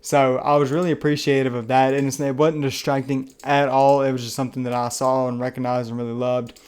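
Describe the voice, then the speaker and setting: A man's voice: mid-range voice, little pitch movement, fairly quick, darkish tone, smooth. Chatty Southern man reviewing a film. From Southern United States. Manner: rambling and chatty, restarts phrases, many fillers; earnest and enthusiastic. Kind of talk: casual spoken movie review.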